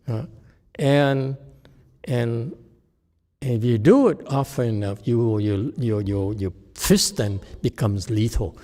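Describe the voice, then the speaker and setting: A man teaching a Buddhist lecture, halting with frequent restarts and rhetorical "okay?" checks. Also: mid-range voice, dark tone. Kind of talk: Dharma lecture answering questions. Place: temple lecture hall. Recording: long hall reverb.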